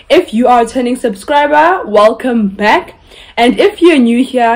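A woman's voice: fairly high pitch, a little hiss or hum. A young woman chats casually with her viewers over a meal, bubbly and talkative, stretching out some words. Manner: bubbly and chatty, with drawn-out words. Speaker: YouTuber. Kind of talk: casual mukbang chat.

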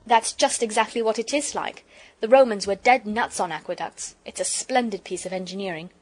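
A woman reading the part of a cheerful, kindly country doctor in a children's storybook, brisk and teasing. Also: medium pitch, a little mellow, natural voice.

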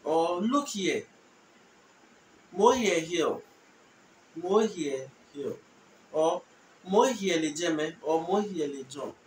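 A man giving a casual language lesson, repeating short phrases slowly so learners can follow. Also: on the high side, lively intonation, a little mellow. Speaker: language teacher. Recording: echoey room, distant mic, faint noise.

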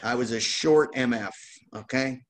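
A man hosting a card-opening show, telling a lively casual anecdote with laughs. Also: medium pitch, unhurried. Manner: animated, laughing anecdote teller. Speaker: host opening baseball card packs. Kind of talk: casual storytelling.

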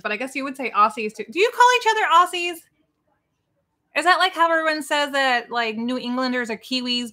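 A woman's voice: fairly high pitch, bright, forceful tone. A woman co-hosting a casual livestream, talking in a chatty, rambling way with many fillers. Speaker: co-host of a livestream watch party.

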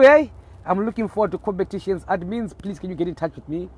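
Talking fast into his phone during a live stream, a middle-aged man from Zimbabwe teases and rambles, calling out viewers by name. His accented voice sits high and sounds husky.

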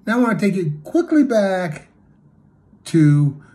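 A man preaching a sermon, retelling a story with acted quotes and swinging between loud and hushed delivery. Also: sits high, sing-song, takes it slowly.

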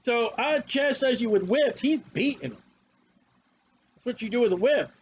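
A man's voice: extremely high pitch, animated, moderate pace, dull audio, a little hiss or hum. A man preaching a fiery, confrontational sermon with a lot of repetition.

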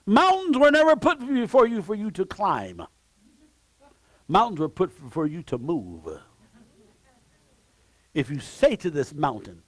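A male pastor preaching with a somewhat high voice, recorded dry and close with little room sound. He swings from shouted lines to quiet asides and keeps repeating his key phrases and calls of praise. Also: huge pitch swings, measured pace, pauses often, dry recording. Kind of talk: sermon. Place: church sanctuary.

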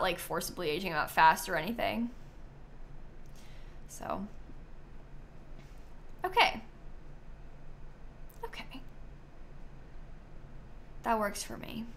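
Bright and forceful in a mid-range voice, this female streamer offers relaxed commentary as she plays a life-sim game. She muses aloud, sounding drowsy and letting out yawns.

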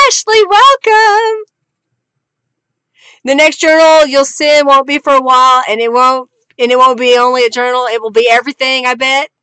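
High, bright-voiced woman chatting slowly. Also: smooth, dry recording. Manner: chatty, reads viewer comments aloud and laughs often. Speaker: craft livestream host. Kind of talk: casual livestream chat with viewers.

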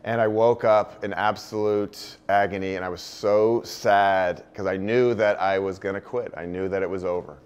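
A man giving a talk to an audience, telling a personal story in an earnest, heartfelt way, his voice dropping low and soft on the sad parts. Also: steady tone, moderate pace, few pauses, clean tone. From United States. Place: indoor venue with a live audience.

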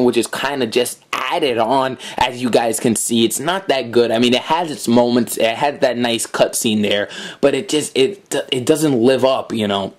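A man giving casual commentary on a video game, reading the on-screen dialogue aloud as he plays. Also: medium pitch. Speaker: gameplay commentator. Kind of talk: let's play commentary.

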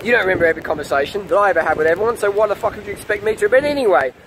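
A vlogger with a high voice rants defensively to the camera in rapid-fire bursts over a noisy background. He's heated and profane, repeating his questions again and again.

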